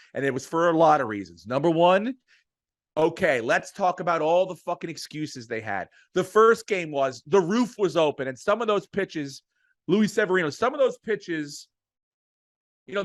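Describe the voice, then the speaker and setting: A man's voice: a little high, fairly bright tone, no room sound, clean studio sound. A middle-aged man with an emphatic, profane delivery, ranting about sports as a podcast co-host. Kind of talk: heated sports podcast rant.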